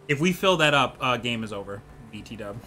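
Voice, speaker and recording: A man's voice: mid-range voice, expressive, a little fast, sharp tone. A man chatting casually and joking at his own expense while playing on a charity gaming stream, game music behind him. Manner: goofy, self-deprecating.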